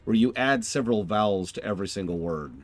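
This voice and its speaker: Low-voiced chatty male streamer. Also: fast, soft background music. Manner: rambling, chatty, self-correcting. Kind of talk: casual gameplay commentary.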